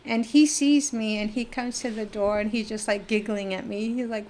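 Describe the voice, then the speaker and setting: Lively middle-aged woman telling a story. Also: on the high side, normal speed, slight background noise. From New Mexico. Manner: lively, acts out quoted dialogue, many fillers. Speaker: podcast guest. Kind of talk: personal storytelling in conversation.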